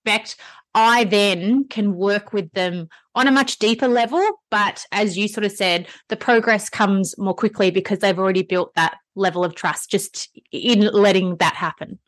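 A woman's voice: mid-range voice, a bit bright, no room sound. Chatty woman podcast host, dry sound. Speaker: podcast host and Pilates instructor. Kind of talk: conversational podcast interview.

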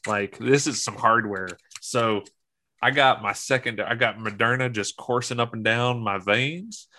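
A man's voice: medium pitch, unhurried, bright, forceful tone. A young man co-hosting a casual podcast, joking around and slipping into mock-serious asides. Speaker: podcast co-host. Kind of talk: casual chat.

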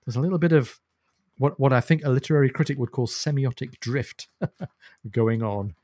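A man talking through a book with a co-host in a relaxed, explanatory way, now and then breaking into a chuckle. His voice sits at a middle pitch and comes across close and dry, with no room sound around it. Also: moderate pace, dry recording. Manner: thoughtful, explanatory, chuckles often. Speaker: podcast co-host. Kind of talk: casual book discussion.

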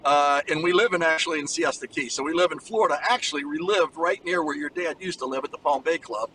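A man in his sixties, a former college basketball player, telling animated stories over the phone from a moving car. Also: on the high side, fast, recorded from a distance, a little hiss or hum, low-quality recording. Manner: animated anecdote teller, acts out voices. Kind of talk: casual storytelling by phone.

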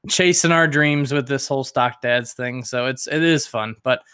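A man's voice: medium pitch, normal speed, a bit bright, clear, resonant tone, no room sound, clean studio sound. A man hosting a casual podcast, chatty and self-mocking, with lots of fillers. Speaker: podcast host.

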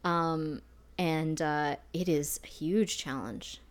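A woman's voice: deep voice, slow. A woman co-hosting a podcast in casual chat, chatty and self-deprecating, laughing often. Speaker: podcast co-host.

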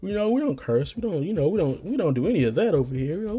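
Young male podcast host, hoarse, dark mellow tone, rambling and profane. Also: high-pitched, very animated, fast, hardly any pauses. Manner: slangy, profane, rambling with restarts. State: getting hoarse. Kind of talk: rambling casual monologue.

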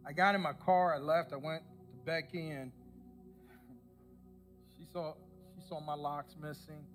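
High-voiced pastor telling a funny story. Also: male voice, a little slow, soft background music. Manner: animated, self-mocking storyteller who acts out the people he quotes. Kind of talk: sermon with personal storytelling.

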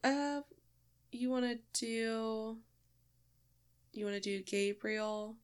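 A woman's voice: on the high side, takes it slowly, clean tone. A woman co-hosting a podcast in a casual, rambling chat, swearing and giggling as she goes. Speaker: podcast co-host.

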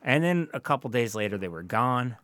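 Male podcast co-host, swears constantly while ranting through stories, mid pitch, dry booth sound. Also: very animated, fairly quick, fairly bright tone, no room sound. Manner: profane, ranting storyteller. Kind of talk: casual chat.

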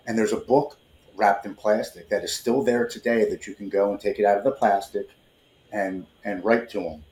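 Man in his 40s telling his story, earnest, repeats words a lot, lowish voice. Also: fairly even intonation, normal speed, darkish tone, slight background noise. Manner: earnest, emotional, repeats words when starting sentences. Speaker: podcast guest. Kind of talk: personal storytelling. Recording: roomy echo.

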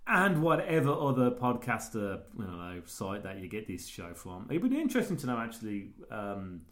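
A man's voice: on the low side, huge pitch swings, normal speed. Chatty man, echoey room. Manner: chatty and self-mocking, rambling with fillers. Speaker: podcast co-host. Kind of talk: casual chat. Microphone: portable recorder. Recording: echoey room on a portable recorder.

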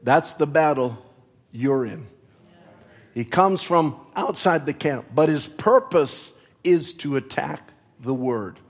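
A man preaching in a church, pitched a touch high and taking his time over each phrase. He talks slowly and deliberately, turning to the congregation now and then, and a nagging cough keeps breaking in. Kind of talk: sermon. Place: church sanctuary.

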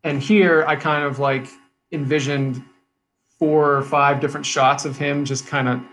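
A man in casual chat who laughs often and rambles with restarts while pitching a script to his co-hosts. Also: little pitch movement, unhurried, a bit bright, slight background noise, rough recording. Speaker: podcast co-host pitching a script.

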